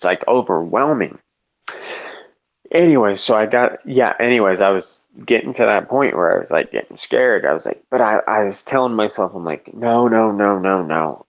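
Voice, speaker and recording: A man's voice: lowish voice, lo-fi sound. A man telling a long story in casual chat, rambling and profane, full of "like" and restarts. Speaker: storyteller in a live debate chat.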